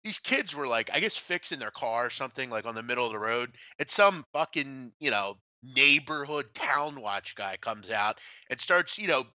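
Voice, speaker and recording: A bright, forceful male voice cuts through a dry, dull-sounding remote line. He co-hosts a casual sports betting show and rants with blunt, profane storytelling, mid-pitched and direct. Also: lively intonation, normal speed, hardly any pauses, no echo. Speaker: podcast co-host.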